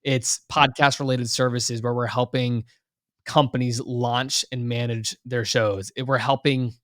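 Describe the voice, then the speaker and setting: A man's voice: medium pitch, little pitch movement, a little slow, a bit bright, no echo, clean studio sound. A man in his twenties, a podcast guest talking casually and eagerly at length, with many "like"s and "you know"s. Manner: enthusiastic, long-winded, heavy on "like" and "you know". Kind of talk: casual interview talk.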